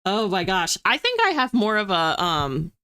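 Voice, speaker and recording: A young woman from the US East Coast runs a livestream, chatting casually over viewer comments in a self-deprecating way. Her medium-pitched voice is sing-song, bright, forceful, and clean, at a moderate pace.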